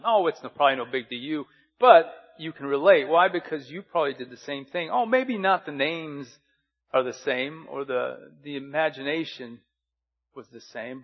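A man's voice: a little high, lo-fi sound. A man preaching a sermon as pastor, earnest and fond of repeated rhetorical questions.

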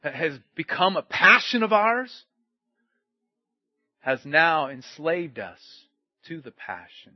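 Guy preaching, high pitched, big swings loud then quiet, dry dull sound. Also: sing-song, takes it slowly, pauses often, dry recording. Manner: dramatic swings from loud to hushed. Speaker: pastor. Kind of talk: sermon.

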